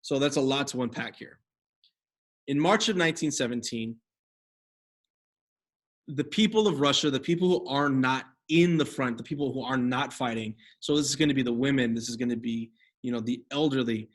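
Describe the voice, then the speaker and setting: A man's voice: mid-range voice, moderate pace, a bit bright. Young adult man, history teacher, classroom lecture, rambling, self-correcting. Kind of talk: classroom lecture over slides.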